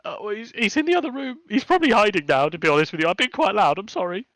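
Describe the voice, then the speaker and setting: A man's voice: high-pitched, animated, racing, fairly bright tone, no echo, faint music behind, voice pushed up. A man voicing a small, terrified male kobold thief who stammers and apologizes nonstop. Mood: stammering.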